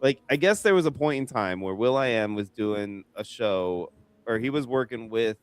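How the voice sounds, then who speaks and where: A man's voice: lowish voice, lively intonation, moderate pace, smooth. A man on a fantasy sports podcast, chatting casually and telling a long rambling story full of fillers. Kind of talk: casual chat.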